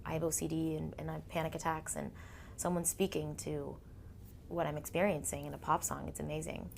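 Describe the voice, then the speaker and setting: Woman in her 30s, lively storyteller, acts out voices, casual interview. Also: low voice, brisk, creaky, slight background noise. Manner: animated storyteller, acts out quotes, laughs often. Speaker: interviewee, singer-songwriter.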